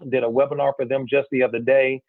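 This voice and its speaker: A man giving an energetic sales pitch, firing off rhetorical questions to his listeners. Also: fast, dry recording. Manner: energetic, rhetorical questions, keeps saying "guys". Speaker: business opportunity presenter. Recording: tinny phone-like dry recording.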